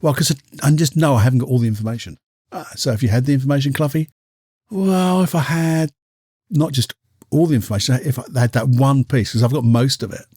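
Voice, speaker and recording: A man's voice: medium pitch, mellow, slightly rough, dry recording, studio quality. A man hosting a casual solo talk. He chats freely, acts out the people he quotes and keeps asking rhetorical questions. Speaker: podcast host and coach.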